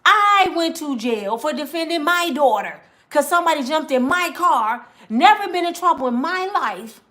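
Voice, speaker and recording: A woman's voice: sits high, lively intonation, normal speed, bright, forceful tone. A woman, ranting angrily to camera, swearing and repeating herself. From Michigan, US. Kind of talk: angry personal rant.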